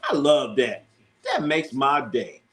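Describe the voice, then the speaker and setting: A man hosting a casual live sports stream, talking to chat with animated bursts of excitement. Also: slow. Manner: animated, jumps into high excited shouts.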